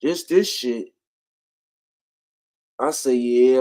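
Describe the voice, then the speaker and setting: A man's voice: mid-range voice, a little slow. A man hosting a casual commentary livestream, drawling, laughing often and repeating himself. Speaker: livestream host.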